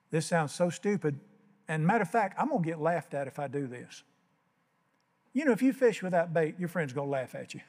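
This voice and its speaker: A man's voice: fairly high pitch, darkish tone, big-room sound. An older man preaching a sermon as pastor, telling folksy stories and acting out the voices. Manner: folksy storytelling, acts out voices.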